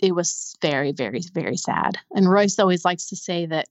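On a podcast, a young adult woman haltingly recounts a painful personal story, repeating words when it gets hard. Her voice is on the low side and animated, and the audio is dull with no room sound.

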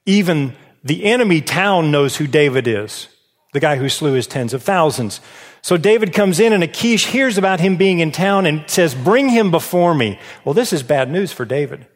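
A man preaching a sermon, retelling a story in a lively way and asking the congregation questions. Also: a little high, moderate pace. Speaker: pastor. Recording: long hall reverb.

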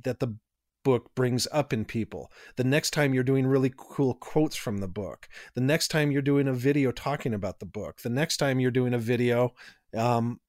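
Lively teacherly man on a dry mic. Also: mid-range voice, normal speed, no room sound. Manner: energetic, teacherly, builds lists. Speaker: podcast co-host. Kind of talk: casual podcast conversation.

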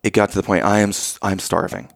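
A man in his thirties telling a family vacation story in casual chat, animated and acting out the voices of the people in it. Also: low-pitched, quick pace, gravelly, dry recording, studio quality.

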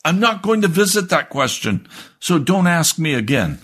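A man voicing a bitter, defensive middle-aged churchwoman who insists in an offended, shrill way. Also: sing-song, normal speed, fairly bright tone. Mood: indignant.

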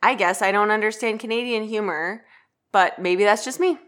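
A woman's voice: medium pitch, moderate pace, fairly bright tone. A woman chatting on a podcast, hesitant and curious. She asks puzzled questions and often laughs as she talks. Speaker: guest giving reactions. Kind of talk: casual chat.

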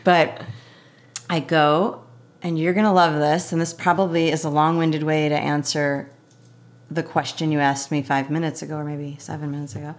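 A woman's voice: low-pitched, flat delivery, moderate pace. A woman telling a story in casual conversation as a guest. She talks in a chatty way, full of "like", and acts out both sides of the dialogue.

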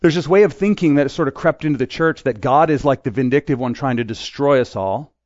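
A man's voice: medium pitch, quick pace, darkish tone, no echo. Conversational male pastor, dry muffled sound. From Quebec, Canada. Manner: conversational, joking, acts out voices in asides. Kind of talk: sermon.

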